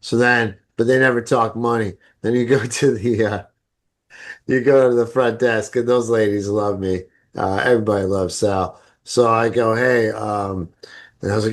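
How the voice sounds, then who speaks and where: A man's voice: lowish voice, steady tone, normal speed. Joking, profane podcast man. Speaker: podcast co-host. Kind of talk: casual podcast chat.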